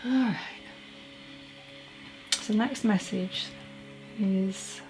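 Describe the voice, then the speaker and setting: A woman giving a solo mediumship reading as a psychic medium, talking in a halting, chatty way and correcting herself as she goes. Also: medium pitch, over music, poor audio.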